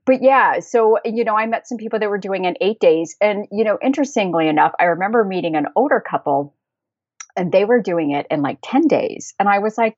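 A woman's voice: mid-range voice, lively intonation, fairly quick, darkish tone, dry recording, highs cut off. An American woman telling travel stories as a guest. She talks chattily, laughs often and fills her sentences with fillers and restarts. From United States. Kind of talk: casual conversational storytelling.

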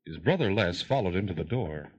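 A man narrating a 1950s radio drama in a measured, formal way. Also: sits low, animated, darkish tone, husky, muffled recording. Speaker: announcer and narrator.

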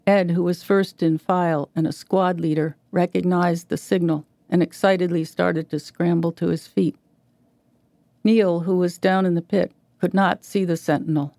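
Gravelly woman reading fiction aloud. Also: lowish voice, fairly even intonation, measured pace, mellow, dry recording. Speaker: reader.

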